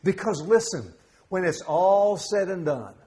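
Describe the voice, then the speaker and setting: Joking middle-aged pastor preaching. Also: male voice, high voice, lively intonation, measured pace, mellow. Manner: conversational and humorous, with asides and jokes. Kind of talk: sermon. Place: church sanctuary.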